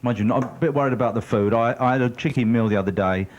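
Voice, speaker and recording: A man's voice: mid-range voice, fast talker. A man doing stand-up one-liners on a club stage, with a hesitant delivery full of fillers. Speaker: stand-up comedian. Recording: dull, noisy TV broadcast recording.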